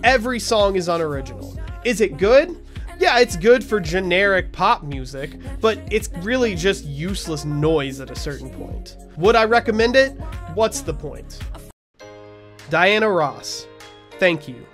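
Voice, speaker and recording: A man's voice: high-pitched, expressive, a little slow, fairly bright tone. A man hosting a weekly music review show, reading scripted album verdicts in a wry, blunt way.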